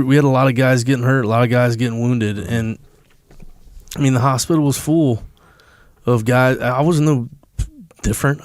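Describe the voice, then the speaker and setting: A man's voice: mid-range voice, a little mellow, no echo. Blunt, profane man telling a story. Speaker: podcast guest. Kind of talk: casual storytelling.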